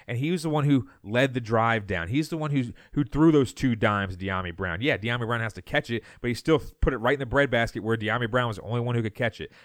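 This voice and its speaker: A man's voice: mid-range voice, no room sound, studio quality. A man co-hosting a sports podcast, ranting heatedly, stumbling over and repeating words as he gets worked up. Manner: fired up, repeats words, mocks others in put-on voices. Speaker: podcast co-host.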